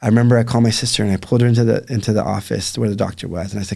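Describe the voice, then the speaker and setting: A man, a podcast guest and life coach, earnestly recounting a hard personal loss with reflective pauses. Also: fairly low pitch, fairly even intonation, gravelly, dark tone. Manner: earnest, reflective, many fillers. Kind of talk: emotional personal storytelling.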